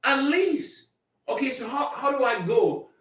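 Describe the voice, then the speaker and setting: A man's voice: very high voice, lively intonation, a little slow, a bit bright, roomy sound, recorded from a distance. A man leading a convention call with a motivational pep talk. He hammers points home by repeating himself and often raises his voice. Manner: emphatic and repetitive, often raising his voice. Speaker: team leader addressing a convention call.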